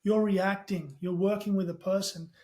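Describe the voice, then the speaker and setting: Australian man, middle-aged, high voice, lively storyteller guest on a podcast. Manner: animated storyteller, talks fast with casual swearing. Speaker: podcast guest, tech company CEO. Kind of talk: casual podcast chat.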